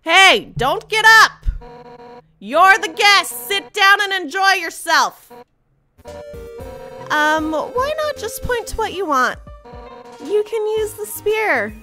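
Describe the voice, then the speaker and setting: A woman voicing a brash, fierce female fish-monster warrior captain from a game, loud and overeager. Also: very high voice, sing-song, slow pace, long pauses, soft background music, pitched above the performer's own voice, heavily acted. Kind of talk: reading game dialogue aloud.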